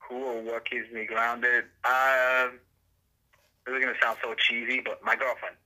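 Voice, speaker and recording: A man with a very bright, forward tone answering candidly in casual podcast chat. He speaks wryly, with a cynical edge. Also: medium pitch, little pitch movement, unhurried, poor audio.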